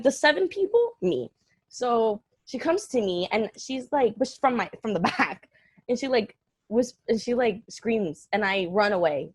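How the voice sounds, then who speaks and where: A young woman tells a story in a relaxed podcast chat. She is animated and self-mocking, laughing between quick asides. Her voice sits at a middle pitch and sounds close and dry, with no room echo. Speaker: podcast co-host telling a story.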